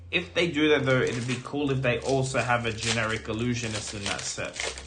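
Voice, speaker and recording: Chatty man, a bit hoarse, music behind. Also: mid-range voice. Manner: chatty, filler-heavy, excited about pulls. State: slightly hoarse. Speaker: streamer opening trading card packs. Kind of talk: casual live-stream chat.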